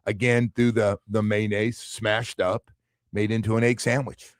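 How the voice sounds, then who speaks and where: A middle-aged man hosting a sports talk radio show, chatting casually and telling animated stories with quoted asides. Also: unhurried, no echo, studio quality. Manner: animated storyteller, drops into low quoted asides.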